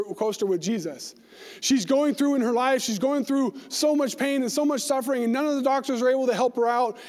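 A very high-pitched man teaches a Bible lesson in a casual, talky way, checking in with "right?" and slipping into the voices of the people he describes. His voice carries a long reverb from a large hall. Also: a little mellow. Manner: conversational, acts out quoted voices, asks "right?".

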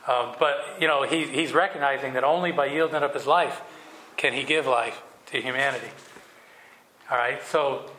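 A man leading a Bible study reads scripture aloud, then explains it casually with fillers. His mid-range voice is pushed and bright at a normal speed, recorded in an echoey room with faint noise.

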